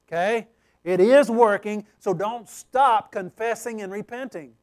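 A man with a high voice preaching a sermon. He speaks emphatically, turns to the crowd with frequent "okay?" checks, and moves between raised, pleading lines and soft, low asides. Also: unhurried. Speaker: pastor.

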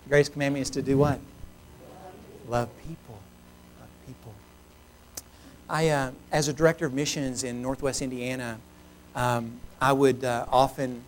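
A male pastor preaching a sermon, telling a personal story in an animated, humorous, self-mocking way. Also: mid-range voice, slight background noise.

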